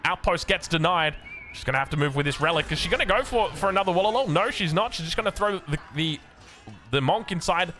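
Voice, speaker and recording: A young Australian man casting a strategy video game match, getting excited and rising in pitch as the action picks up. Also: fast. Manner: excitable, rises sharply when action picks up. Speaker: game caster. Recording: faint music behind.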